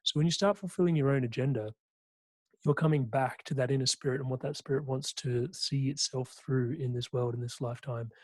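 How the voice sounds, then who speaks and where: A man, a life coach, giving a conversational webinar talk with an animated delivery, often tagging his points with a quick question to listeners. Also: mid-range voice, no echo. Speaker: guest speaker and life coach.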